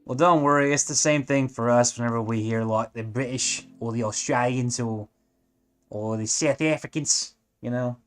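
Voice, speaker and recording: A man's voice: medium pitch, moderate pace, soft background music. A man from California with a Californian accent, chatting casually while he draws, rambling with lots of likes and restarts. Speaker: animation streamer. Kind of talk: casual chat while drawing.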